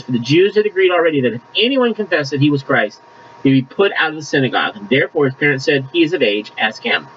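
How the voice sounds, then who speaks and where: A man's voice: on the high side, a bit bright, dull audio, a little hiss or hum. A man preaching a conversational sermon, reading scripture aloud and adding asides. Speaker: pastor.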